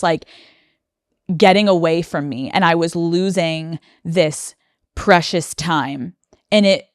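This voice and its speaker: A woman in her thirties with an American accent speaks slowly in a lowish voice, candid and close to tears. The sound is dry and close, with no room around her. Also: no room sound. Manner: candid, emotional, many fillers. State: near tears. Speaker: podcast host. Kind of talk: personal monologue.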